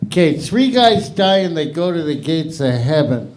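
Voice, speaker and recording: On stage before an audience at a live comedy club, this half-English, half-Irish middle-aged man hosts the open mic and spins out a long, profane, rambling joke full of self-interruptions. His voice is a little high and mellow, very animated, at normal speed.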